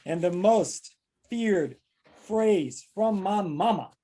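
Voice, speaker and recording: A man's voice: high-pitched, animated, takes it slowly, dark tone, a little hiss or hum. A man from Kentucky hosting a casual comedic chat, playful and jokey, acting out quotes. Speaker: podcast host.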